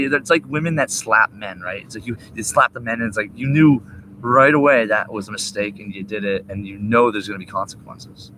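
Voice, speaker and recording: A man talking while high, rambling and swearing in a loose monologue outdoors. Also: noisy background. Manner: rambling, profane, laughing asides. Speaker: vlogger.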